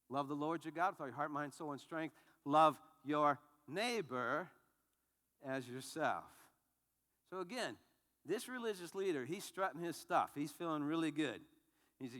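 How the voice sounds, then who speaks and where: A man preaching a sermon as pastor, telling the story in an animated way with frequent restarts. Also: fairly high pitch, measured pace, big-room sound.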